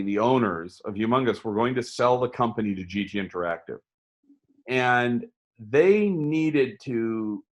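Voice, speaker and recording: A middle-aged man, a game designer being interviewed, telling stories in an animated way and often restarting his words. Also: medium pitch. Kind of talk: storytelling interview talk.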